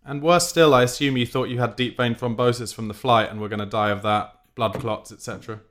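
Man, host, mid pitch, dry witty questions. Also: steady tone, fairly quick, a bit bright. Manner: probing questions, dry wit. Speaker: podcast host. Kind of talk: casual interview chat.

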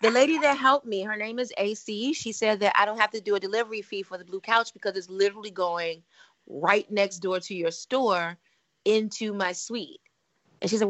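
A woman co-hosting a casual chat podcast, telling a story with lively asides and acting out the people she quotes. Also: medium pitch, brisk, low-quality recording. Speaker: podcast co-host.

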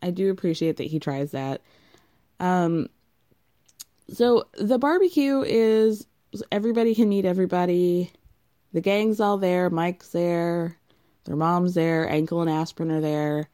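A woman's voice: on the low side, measured pace, dark tone, clear, resonant tone. A woman with a contralto voice giving a sarcastic, gossipy recap of a reality TV show in a casual way.

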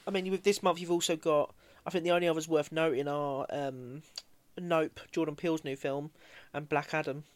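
A man's voice: on the high side, steady tone, moderate pace, hardly any pauses, no room sound. A man in casual film chat as a podcast co-host, laid-back and swearing easily.

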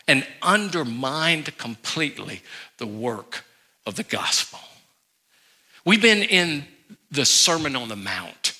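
A male pastor preaching a sermon, telling a story from his own life in an animated way. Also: a little high. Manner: animated storytelling, acting out his own anger then quiet remorse. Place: church sanctuary.

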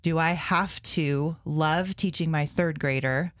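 A woman's voice: sits low, takes it slowly, dry recording, studio quality. A woman, a homeschool mom and classroom teacher, talking earnestly in a casual conversation and thinking aloud as she goes.

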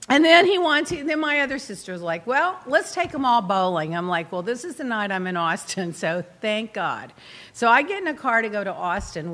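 A woman hosting a talk show, telling a long, rambling personal story in casual chat and acting out her own asides. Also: on the high side. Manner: animated, rambling, quotes herself in asides. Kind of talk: chatty storytelling monologue.

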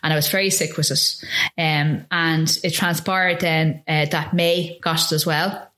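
A low-pitched woman from Ireland telling her story as an interview guest. She speaks earnestly and haltingly, restarting phrases and acting out past conversations as she goes. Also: steady tone, fairly bright tone, reverberant. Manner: earnest and halting, with frequent restarts and re-enacted dialogue. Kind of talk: recounting a personal ordeal in an interview.

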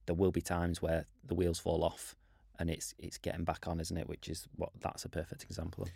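A man hosting a business podcast, calmly reflecting on and summing up what his guest said. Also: low-pitched, a little fast, gravelly, breathy edge, dry recording, clean studio sound. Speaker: managing director, podcast host. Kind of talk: casual podcast conversation.

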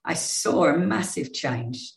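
A woman in her fifties from England, a former rugby player and sports journalist, telling lively anecdotes in a casual interview. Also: low voice, takes it slowly, gravelly, echoey room, rough recording. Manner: lively storytelling with restarts.

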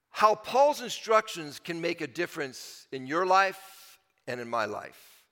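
Man, pastor, earnest conversational sermon with repetition, high and bright, long hall reverb. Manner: earnest, conversational preaching with repeated phrases and emphatic swells.

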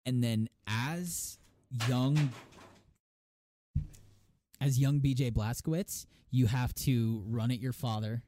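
During a casual podcast chat, a male co-host tells a story energetically and laughs a lot. His mid-range voice moves slowly with long pauses, and there's no echo.

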